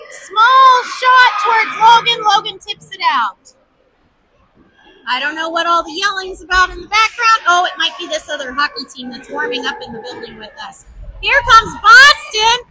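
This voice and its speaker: A woman giving fond, excited homemade play-by-play commentary at an indoor ice rink, shouting at big plays. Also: very high voice. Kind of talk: homemade live sports commentary. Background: faint arena noise.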